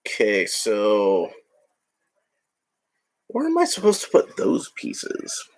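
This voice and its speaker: Low, laid-back guy chatting through a toy build, wandering off into jokes. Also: huge pitch swings, slow pace. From United States. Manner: chatty, rambling, joking asides. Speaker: hobby vlogger. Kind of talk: casual narration while building a toy set.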